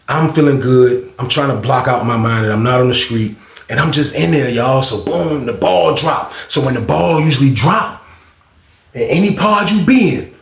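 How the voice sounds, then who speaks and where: A man telling a casual storytime vlog, profane and animated, acting out noises and other people's voices. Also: mid-range voice, creaky. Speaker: storyteller recounting prison life. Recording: echoey room.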